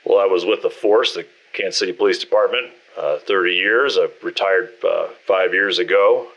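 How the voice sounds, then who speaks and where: A proud retired police captain, played by a man at a tabletop game stumbles over his words, flustered. His voice sits fairly low. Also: normal speed, a bit bright, lo-fi sound. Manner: stammering.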